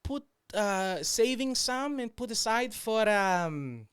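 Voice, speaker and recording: A man's voice: sits high, animated, slow pace, a bit bright, clear, resonant tone, no echo, studio quality, pitched above the performer's own voice, full character voice. A man voicing an older woman passenger who speaks broken, hesitant English full of ums. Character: older immigrant woman passenger, scatterbrained and eager.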